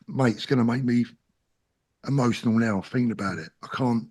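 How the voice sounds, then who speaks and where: A man's voice: mid-range voice, brisk, darkish tone, breathy edge. A middle-aged man with a South London accent, a guest talking in an interview in an earnest, plain-spoken and emphatic way. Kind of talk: casual interview talk.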